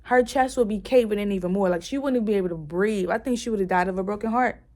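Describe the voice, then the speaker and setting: A woman chatting casually in a book review, retelling scenes excitedly with lots of "like"s and restarts, and cursing bluntly. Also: medium pitch, fast. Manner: blunt, curses freely.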